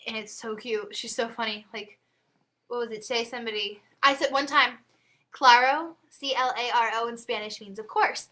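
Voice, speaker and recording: A woman's voice: fairly high pitch, fairly even intonation, a little fast, bright, forceful tone. A teenage girl chatting casually to her webcam at home, giggly and full of asides. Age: teens. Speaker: vlogger.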